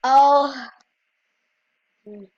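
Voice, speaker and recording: A high-pitched woman talks viewers through a game in a loose, rambling way, addressing them directly. The recording is dull and lo-fi, with a dry, close sound. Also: steady tone, very slow, no room sound. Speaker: gameplay video creator. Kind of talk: casual gameplay commentary.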